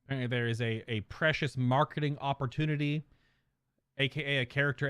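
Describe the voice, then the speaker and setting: A man streamer chats through a casual reaction to a video, rambling and amused. His voice sits in an ordinary middle pitch and sounds dry and close. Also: fairly bright tone, smooth, no room sound.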